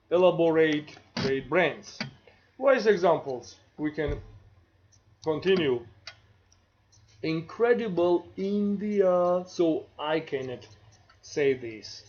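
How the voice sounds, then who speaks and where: A man with a Georgian accent, a marketing professor giving a lecture, speaking slowly and deliberately with frequent pauses and fillers. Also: on the high side, darkish tone, muffled recording. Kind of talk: university lecture.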